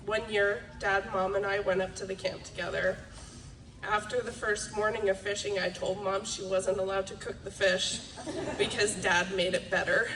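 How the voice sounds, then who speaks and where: A woman's voice: mid-range voice, little pitch movement, moderate pace, a bit bright, a little hiss or hum. Emotional woman in an echoey hall. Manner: emotional, laughing through tears. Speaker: daughter giving a eulogy. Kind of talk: reading a memorial speech. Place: memorial gathering hall. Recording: echoey room, mic from a distance.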